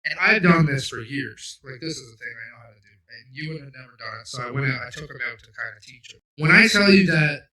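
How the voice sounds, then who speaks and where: A bright-voiced man from Cape Breton, Canada, hosts a podcast, telling stories in a casual chat with a fairly high voice, lively intonation, and a quick pace. He rambles and mocks himself, using frequent fillers. The sound is roomy, with the mic at a distance.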